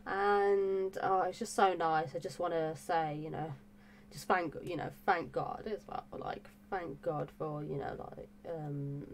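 Gushing woman vlogger, low voice. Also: fairly even intonation, measured pace, slight background noise. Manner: gushing, breathless, many fillers and repeated exclamations. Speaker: music reaction YouTuber. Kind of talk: excited casual vlog talk.

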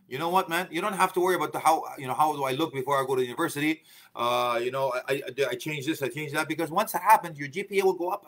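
High-voiced middle-aged male preacher, joking. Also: bright, forceful tone. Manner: chatty and joking, laughs often, sprinkles in Arabic phrases. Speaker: Islamic preacher. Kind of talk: informal religious talk.

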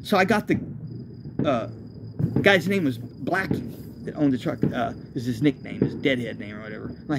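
A man's voice: mid-range voice, moderate pace, creaky, heavy background noise. A man, a homeless traveler, telling his own road story in a loose, profane, self-correcting way. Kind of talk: rambling spoken storytelling.

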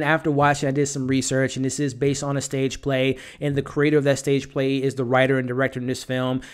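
A man in a somewhat high register talks his way through a movie review like a casual chat. He leans on fillers and repeats himself, and he is frank when something does not work for him. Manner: conversational, many fillers and repeated words; frank, blunt criticism. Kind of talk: casual spoken film review.

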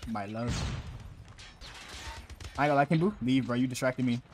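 A young man livestreaming a shooter game, talking to his chat in loose slangy banter that swings from mumbles to yells. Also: mid-range voice, normal speed, slight background noise. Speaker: streamer. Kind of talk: casual gaming livestream chat.

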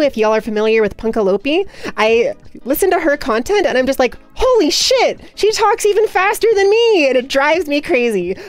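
A young woman livestreamer chatting casually with her viewers, talking rapidly and nonstop with hyperactive energy. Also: fairly high pitch. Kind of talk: casual chat with stream viewers.

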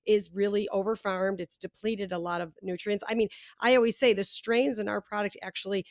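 A woman from the United States, a guest on a podcast, explaining her company's product in an animated, talkative way with plenty of fillers. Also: mid-range voice, fairly quick, no echo, studio quality. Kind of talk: casual interview chat.

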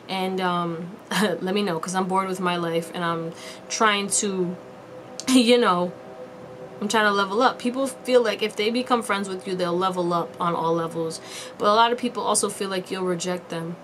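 A woman's voice: medium pitch, fairly even intonation, normal speed, fairly bright tone, a little hiss or hum. A woman giving a casual pick-a-card tarot reading to viewers, chatty and slangy with frequent laughs. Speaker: tarot reader.

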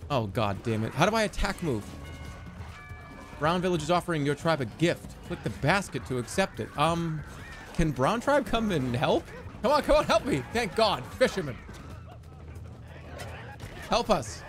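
A man commentating his own gameplay, excitable and quick to swear as he barks orders at the screen. His voice sits a bit high and swings widely between mutters and shouts. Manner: excitable, swearing, yelling commands at the game. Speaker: streamer.

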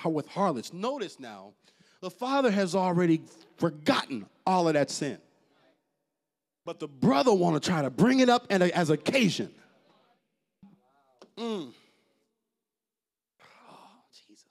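A man preaching a sermon as pastor, swinging between loud high bursts and quiet, low asides.

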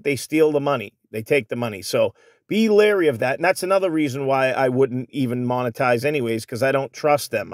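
A man's voice: mid-range voice, no room sound, clean studio sound. A man hosting a casual vlog, reading viewer comments and ranting with frequent restarts, calling his viewers folks. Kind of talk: casual rambling vlog talk. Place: Phoenix area.

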